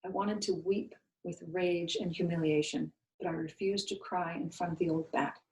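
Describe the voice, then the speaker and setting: Woman reading a storybook aloud, expressive. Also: fairly low pitch, moderate pace, roomy sound, poor audio. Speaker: school co-founder reading a novel aloud. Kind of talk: storybook read-aloud narration.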